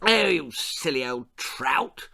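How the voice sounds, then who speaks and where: A man's voice: fairly high pitch, sing-song, slow pace, pushed and bright, voice pushed up, exaggerated voice. A man voicing a pompous, blustering aristocratic lord with a bloodthirsty streak and a snappish manner.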